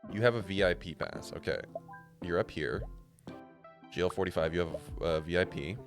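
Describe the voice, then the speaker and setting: Low-voiced rambling man streamer. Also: fairly quick, over music. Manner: rambling, joking, swears casually. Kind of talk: casual gameplay commentary.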